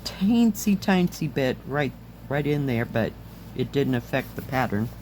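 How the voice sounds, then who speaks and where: Chatty slow-talking woman, a bit hoarse. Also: a bass voice, expressive, darkish tone, slight background noise. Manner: chatty, enthusiastic, talks while handling items. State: slightly hoarse, losing her voice. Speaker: craft vlogger reviewing kits. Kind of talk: casual chat.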